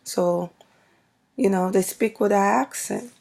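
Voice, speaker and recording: A woman with a Brooklyn New York accent, vlogging casually to camera in an unhurried, rambling way with many fillers. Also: medium pitch, gravelly, darkish tone.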